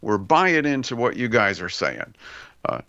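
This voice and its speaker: A man's voice: fairly low pitch, sing-song, measured pace, bright, forceful tone, clear, resonant tone, no echo. A man co-hosting a podcast, discussing faith in a reflective, searching way and repeating words as he thinks aloud. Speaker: podcast co-host. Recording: dull lo-fi dry sound.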